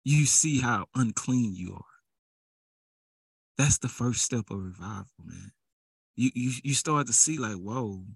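A man's voice: medium pitch, animated, unhurried, creaky, pauses often, husky, no room sound. A man preaching a sermon in a casual, conversational way that builds into fervent exhortation.

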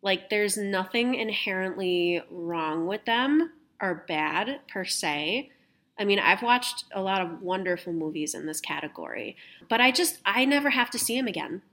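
A woman's voice: medium pitch, lively intonation, normal speed, fairly bright tone. A young adult woman hosting a podcast, telling stories in casual chat, laughing often and swearing casually. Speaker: podcast host.

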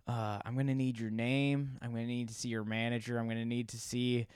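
A curt, officious female health inspector making demands, as a young man quotes her while telling a story. She sounds smooth and clear, recorded close and dry. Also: mid-range voice, level tone, a little fast, darkish tone, dry recording, voice pushed down, natural voice.

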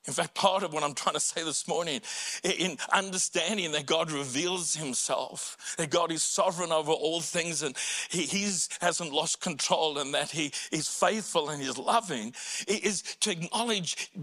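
A male pastor preaching a sermon in a church, earnest and deliberate, rising to impassioned cries when voicing prayers. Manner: slow and deliberate, dropping low and quiet on personal points.

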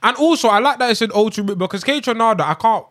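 A woman co-hosting a podcast, chatting in an excitable, slangy, emphatic way. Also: a little high, quick pace. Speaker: podcast co-host. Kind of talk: casual chat.

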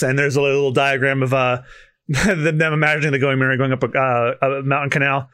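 A man co-hosting a podcast, chatting excitedly and laughing as he reads a manga aloud. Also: mid-range voice, brisk, no room sound, clean studio sound. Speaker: podcast co-host. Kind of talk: casual chat, reading manga aloud.

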